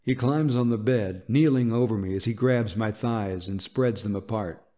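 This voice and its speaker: A man narrates a romance audiobook in a soft, intimate and unhurried way. His voice sits fairly low, and the tone is dark and mellow.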